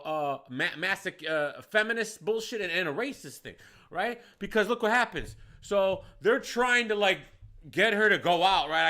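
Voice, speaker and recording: A man from Detroit, a bar manager, telling a heated, profane story that swings from quiet asides to shouting. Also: sits high.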